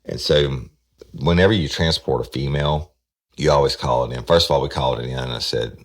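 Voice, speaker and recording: A man's voice: very deep voice, a little fast. A man, a former detective telling a case in a blunt, profane, tough-talking way. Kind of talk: casual true-crime storytelling.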